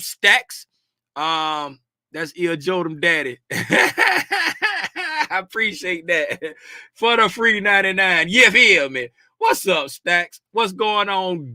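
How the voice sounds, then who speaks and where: A man's voice: high voice, big pitch swings, unhurried, sharp tone, no room sound, studio quality. A middle-aged man hosting a casual livestream about futures markets. He is chatty and slangy, greets viewers by name and laughs often. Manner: easygoing slangy talk.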